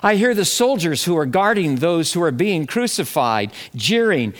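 A man preaching a Good Friday sermon in a slow, measured, reflective way. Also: on the high side, sing-song, fairly bright tone. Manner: slow, measured and reflective, acting out quoted voices. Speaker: pastor.

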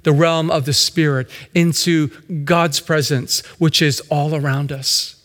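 Male pastor, reflective sermon delivery, voice a little high, long echo around him. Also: fairly even intonation, a little slow, a bit bright.

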